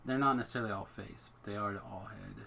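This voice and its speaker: A man's voice: lowish voice, fairly even intonation, quick pace, creaky, pushed and bright, a little hiss or hum. A man hosting a game stream from home, chatting casually and thinking aloud as he plays. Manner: rambling, thinks aloud about his setup. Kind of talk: casual chat while gaming.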